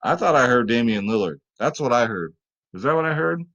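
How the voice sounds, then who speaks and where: A man's voice: mid-range voice, expressive, brisk, a bit bright, highs cut off. A man hosting a casual fantasy sports picks show, chatting loosely to his viewers and swearing freely. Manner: loose, profane, chatty, talks to viewers as "guys". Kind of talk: casual lineup-advice commentary.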